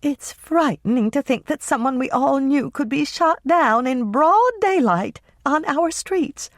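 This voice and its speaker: An audiobook narrator voicing Carrie, a fretful older woman who gossips, in a higher, fussy voice. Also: lively intonation, moderate pace, no room sound, clean studio sound, close to an everyday voice. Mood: frightened.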